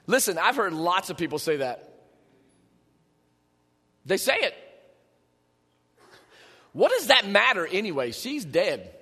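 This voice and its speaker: A man preaching a sermon in a conversational, animated way, with joking asides to his congregation. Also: high-pitched, slow pace, long pauses, husky, big-room sound. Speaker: pastor. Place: church sanctuary.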